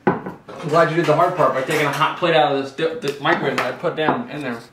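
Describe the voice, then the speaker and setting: A man's voice: a little high, steady tone, quick pace, roomy sound, background noise. A man chatting at a home dinner table, joking with a dry, teasing manner. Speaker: partner at dinner. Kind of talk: casual family chat.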